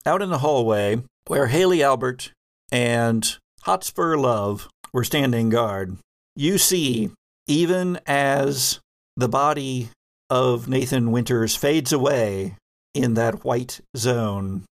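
A man runs a tabletop horror game as its game master. He speaks at an unhurried pace and lingers over each detail as he describes the scene. His narration is measured and descriptive. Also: medium pitch, animated.

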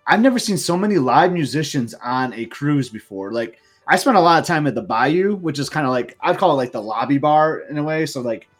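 A man hosting a podcast, chatting casually and gushing enthusiastically about a trip. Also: mid-range voice. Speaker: podcast host. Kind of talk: casual chat.

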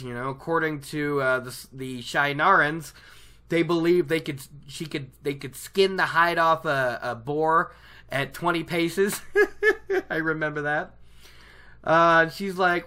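A bright, sharp-toned voice rambles happily through a book chapter recap, recorded at home by a laptop. The speaker keeps correcting themselves mid-thought and chats loosely with a mid-range pitch. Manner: chatty, rambling, self-correcting. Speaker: book reader discussing a chapter.

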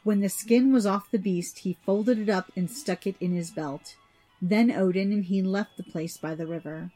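A woman narrating an old myth in an even, measured storybook reading. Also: mid-range voice.

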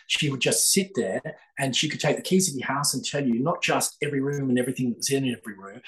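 A man's voice: mid-range voice, a bit bright, poor audio. An older man, a guest telling a long story with many fillers and restarts in a podcast interview. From Australia. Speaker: guest, psychic author.

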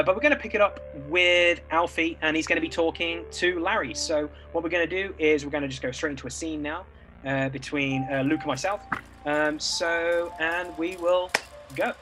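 A man narrating a tabletop game as game master, relaxed and casual with plenty of fillers. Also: a little high, fairly quick, over music, low-quality recording.

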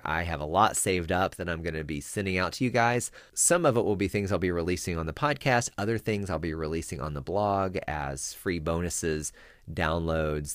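A man with a very low voice hosts a teaching podcast on Bible storytelling. He tells the story dramatically, with wide pitch swings, long pauses and sudden hushed whispers. The close recording is dry, with no room sound. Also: dry recording. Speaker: podcast host for children's ministers.

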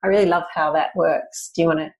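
Low-voiced woman hosting a podcast. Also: steady tone, quick pace, poor audio. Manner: warm, encouraging, lots of affirming "mm" and "yeah". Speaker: podcast host. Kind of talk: casual podcast interview.

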